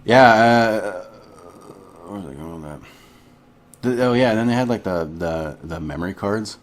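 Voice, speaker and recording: Deep-voiced man in laid-back chat. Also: lively intonation, normal speed. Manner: laid-back, lots of agreeing murmurs. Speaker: podcast co-host. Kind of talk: casual chat.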